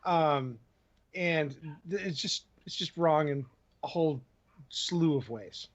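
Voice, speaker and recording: Male co-host, news reader, somewhat high, hesitant fillers, lo-fi sound. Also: slow pace. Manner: reads news items with many ums and uhs. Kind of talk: casual livestream chat, reading tech news.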